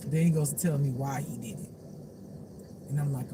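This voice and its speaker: A spiritual life teacher in a casual, unscripted monologue, blunt and profane, laughing often and swinging between low mutters and shouts. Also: fairly even intonation, normal speed, pauses often. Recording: noisy background hum.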